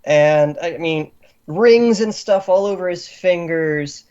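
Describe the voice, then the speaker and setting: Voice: mid-range voice, slow, darkish tone, clean tone. A game master narrating a tabletop game in loose, descriptive storytelling full of little fillers. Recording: muffled lo-fi recording.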